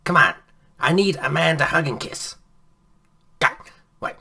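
A man voicing a grouchy, short-tempered middle-aged bartender who barks gruffly. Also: a little high, measured pace, pushed and bright, voice pushed up, exaggerated voice. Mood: irritable.

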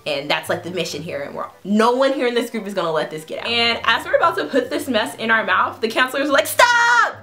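A woman's voice: fairly high pitch, quick pace, hardly any pauses, faint music behind. Chatty young woman telling a story. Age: 20s. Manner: chatty, animated, laughs while telling. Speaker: food vlogger telling a story. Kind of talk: casual storytime vlog.

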